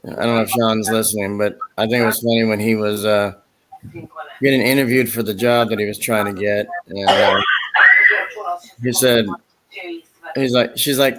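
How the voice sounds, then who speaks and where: A man's voice: fairly low pitch, fairly even intonation, normal speed, pauses often. A man hosting a casual chat, rambling along, laughing often and slipping into voices. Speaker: host.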